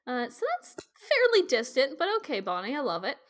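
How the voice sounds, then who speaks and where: A woman's voice: high voice, wildly swooping pitch, a little fast. A woman from Kansas co-hosting a podcast, recapping a show in casual chat with playful asides and frequent laughs. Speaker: podcast co-host recapping episodes.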